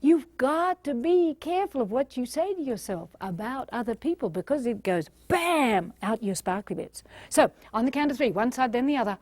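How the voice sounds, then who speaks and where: A woman's voice: high-pitched, lively intonation, normal speed, hardly any pauses, some chatter behind, a little hiss or hum. A woman leading a motivational workshop, talking to a live audience, playful and acting out voices with gasps. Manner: addresses and directs a live audience. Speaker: workshop trainer.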